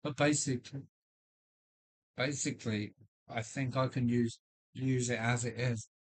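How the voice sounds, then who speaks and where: A man with a deep voice hosting a casual live stream from his loft, rambling with many fillers and restarts while chatting with viewers. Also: fairly even intonation, measured pace, breathy edge. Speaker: livestream host. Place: home loft.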